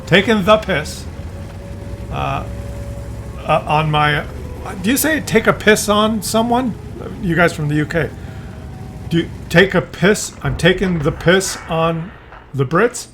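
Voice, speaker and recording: Man, game commentator, casual, digressive, joking, higher voice, faint ambient noise behind. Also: unhurried, a bit bright. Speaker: gaming commentator.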